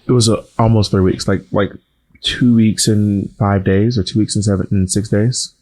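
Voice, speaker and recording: Low-voiced guy talking quiet after throat surgery, sarcastic teasing banter. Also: fairly even intonation, moderate pace. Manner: sarcastic, teasing, mock-indignant. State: speaking softly after voice surgery. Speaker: podcast co-host. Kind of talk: casual chat.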